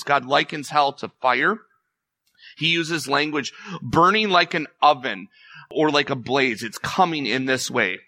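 A man's voice: a little high, sharp tone, no room sound. A man preaching a sermon as pastor, earnest and emphatic, pressing his point with rising intensity.

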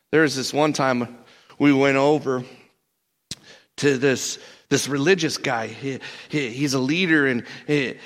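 A man plays an excitable fisherman apostle who talks like a laid-back dude, tripping over his words in his hurry to tell the next tale. His voice is bright and forward, with a gravelly fry at the ends of phrases. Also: on the high side. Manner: slangy, animated storyteller, stammering restarts. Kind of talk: first-person character monologue.

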